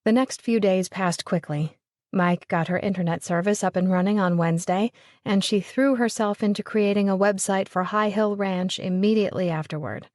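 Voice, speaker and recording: A woman's voice: medium pitch, a little mellow, no echo. Woman narrating a romance audiobook, dry. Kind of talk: scripted narration.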